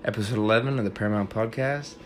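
A man's voice: lowish voice, quick pace, slight background noise. Profane, frank male podcast host. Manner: frank, profane, advice-giving. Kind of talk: casual chat.

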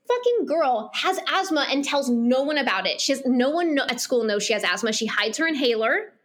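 A woman's voice: high voice, sing-song, brisk, fairly bright tone. Chatty woman recapping a book. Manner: rambling, filler-heavy, acts out character lines. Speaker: podcast co-host. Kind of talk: casual chat, recapping a book.

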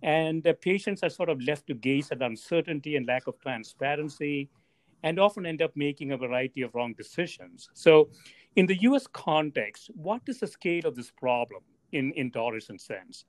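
A man's voice: a little high, lively intonation, normal speed, dry recording. Man interviewer, dry close sound. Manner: conversational, many fillers. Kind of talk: interview questions.

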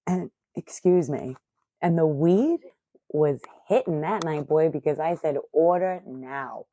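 Low-voiced woman in her thirties, swearing. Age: 30s. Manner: profane, animated and self-mocking. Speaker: vlogger. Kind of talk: casual storytelling to camera. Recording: muffled lo-fi audio.

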